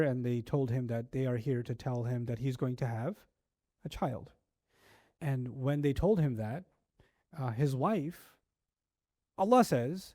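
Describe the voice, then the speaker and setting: A man's voice: mid-range voice, slow pace, dark tone, dry recording, clean studio sound. A man teaching a Quran lecture, telling stories with animation and asking many rhetorical questions. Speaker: Islamic teacher.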